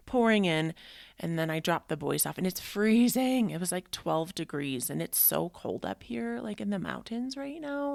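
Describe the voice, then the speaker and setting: A woman in her thirties hosts a personal podcast and talks in a heartfelt, rambling way full of fillers. Her voice sits fairly low with a gravelly edge. The recording is close and dry, with no room sound. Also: no room sound. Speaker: podcast host. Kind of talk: casual personal podcast monologue.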